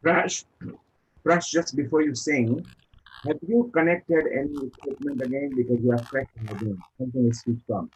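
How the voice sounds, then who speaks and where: A man helping organize an online summit on a video call, giving direct, quick instructions during a technical check. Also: medium pitch, slight background noise, poor audio.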